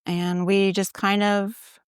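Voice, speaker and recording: A woman's voice: mid-range voice, flat delivery, slow pace, smooth, no room sound, studio quality. A woman, a church ministry assistant, telling her faith story in a casual interview and quoting her own past thoughts as she goes. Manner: conversational, retelling with quoted inner thoughts.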